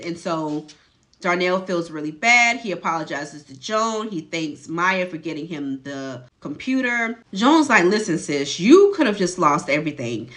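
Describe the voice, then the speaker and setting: A woman host recaps a show in a relaxed, gossipy storytelling voice. Her tone is bright and clear, and her talk is loose and colloquial, as if she is telling a friend the latest drama. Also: fairly low pitch. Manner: chatty and colloquial, lively gossip tone. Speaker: video host recapping a TV episode.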